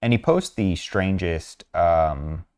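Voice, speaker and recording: A man walking through social media posts in an earnest, measured way, pausing with frequent fillers. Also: deep voice, a little mellow, smooth. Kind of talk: narrated screen walkthrough.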